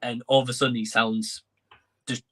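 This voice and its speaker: A man co-hosting a live stream, talking through his views in relaxed conversation. His voice is bright and forceful at a middle pitch. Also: normal speed. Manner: conversational, thinking aloud with fillers. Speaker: co-host of entertainment live stream. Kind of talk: casual chat.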